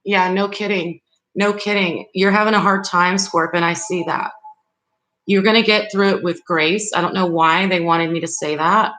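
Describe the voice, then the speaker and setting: Woman tarot reader, bright tone, low-ish voice, loose and rambling, comforting to the audience. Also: fairly even intonation, normal speed, rough recording. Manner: reassuring, speaks directly to viewers. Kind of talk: live tarot reading stream.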